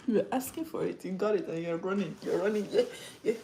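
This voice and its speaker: A woman's voice: medium pitch, darkish tone, reverberant, slight background noise. Laughing woman with an African accent. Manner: laughs often and acts out quoted voices. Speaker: livestream host. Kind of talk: casual livestream chat.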